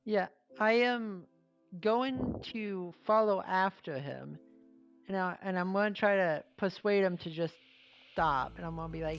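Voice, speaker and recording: A woman's voice: medium pitch, unhurried, soft background music. Earnest woman player with a lo-fi mic. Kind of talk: tabletop role-play.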